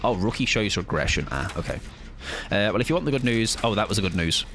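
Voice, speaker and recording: A man's voice: lowish voice, lively intonation, fast, fairly bright tone, slight background noise. A man streaming a game, chatting casually to his viewers, rambling and joking with casual swearing. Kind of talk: casual live-stream chat during gameplay.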